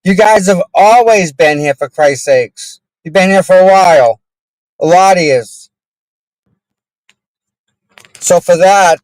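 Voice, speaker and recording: In an unhurried, high male voice with a darkish tone, a livestream host rambles from his car and grumbles at fellow drivers. The recording is rough and has no room sound.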